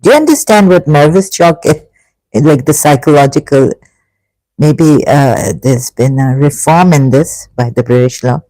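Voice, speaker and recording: A vlogger talking through an emotional personal monologue, halting and sighing, with frequent restarts, stopping to read passages aloud. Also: mid-range voice, animated, dark tone, no room sound, low-quality recording. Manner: reads passages aloud between remarks.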